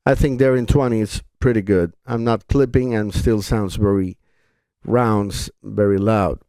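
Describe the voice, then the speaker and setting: A man's voice: lowish voice, steady tone, unhurried, warm tone, clear, resonant tone. A man reviewing tech gear in a hands-on demo, speaking English as a second language and thinking aloud with frequent restarts and fillers.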